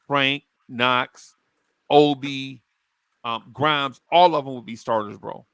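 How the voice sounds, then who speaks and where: A man's voice: medium pitch, takes it slowly, smooth, no room sound. A man hosting a casual sports podcast, telling stories and acting out the people in them. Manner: animated storyteller, acts out quotes. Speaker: podcast host.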